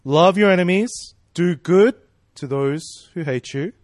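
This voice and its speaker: A man's voice: high voice, unhurried, dry recording, studio quality. A man preaching a sermon in a casual, conversational way, asking rhetorical questions and checking in with "right?" and "you know".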